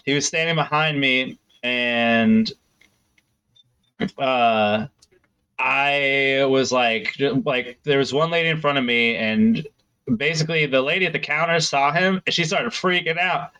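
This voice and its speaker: A young man tells a story in a loose, rambling way, with many "like"s. His voice is bright and forceful, with a smooth, clear tone. The talk is a casual podcast chat. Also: mid-range voice, unhurried, low-quality recording. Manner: rambling storyteller, heavy use of "like".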